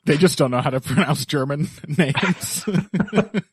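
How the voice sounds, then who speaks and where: A man's voice: a little high, normal speed, slightly rough, no echo, clean studio sound. A man hosting a podcast in casual chat, joking and laughing often. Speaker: podcast host.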